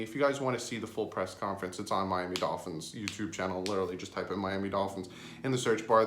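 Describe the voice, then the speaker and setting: A man giving casual fan commentary on his sports vlog, full of joking, sarcastic asides and sudden jumps in pitch. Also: a bit bright, slight background noise. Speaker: sports vlogger. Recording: roomy echo.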